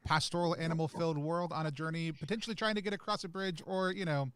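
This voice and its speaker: Smooth-voiced upbeat man hosting a stream. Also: on the high side, fairly even intonation, quick pace, no echo, clean studio sound. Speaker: stream co-host and player. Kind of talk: casual live stream chat.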